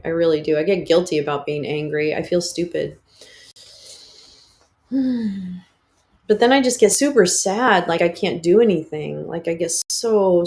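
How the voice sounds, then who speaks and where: A woman's voice: fairly low pitch, gravelly. A woman hosting a livestream, talking in a candid, rambling way with swearing and laughs. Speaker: livestream host. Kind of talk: casual livestream chat.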